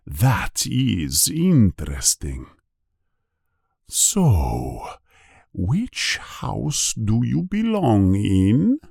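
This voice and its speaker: A man reading a storybook aloud, voicing a wise old talking magic hat with a slow, drawn-out, musing manner and a low husky murmur. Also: wildly swooping pitch, darkish tone, dry recording, clean studio sound, heavily acted.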